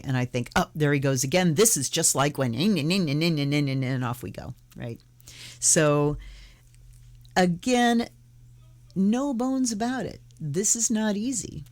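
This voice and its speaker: A middle-aged woman giving a casual, gentle spiritual teaching talk, conversational and now and then acting out inner voices playfully. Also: low-pitched. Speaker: tarot and Buddhism video host.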